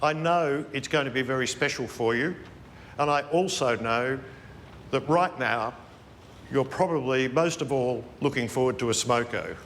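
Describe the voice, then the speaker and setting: An Australian man, a former colleague, giving a relaxed, matey and joking recorded tribute. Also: medium pitch, moderate pace, slight background noise.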